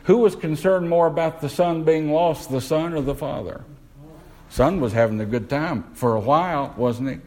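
A man preaching a sermon, putting questions to the congregation and slowing down to stress key words. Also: fairly high pitch, mellow, poor audio.

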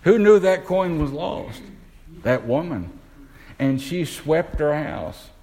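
Man preaching a slow, questioning sermon. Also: a little high, big pitch swings, darkish tone, rough recording. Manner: asks the congregation questions, slows down to stress words.

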